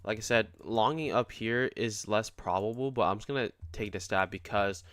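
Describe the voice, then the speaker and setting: A young man talks through a casual day-trading live stream. He rambles in loose slang, restarts his sentences and swears freely. His voice is bright and forward, and the sound is dry and close with no room around it. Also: on the low side, normal speed, clean tone, no echo.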